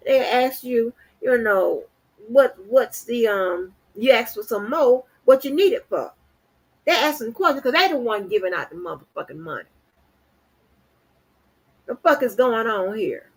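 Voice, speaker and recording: Husky, high-voiced woman ranting profanely. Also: lively intonation. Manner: profane, blunt and defiant; halting, repeats words. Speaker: channel host. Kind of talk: livestream rant.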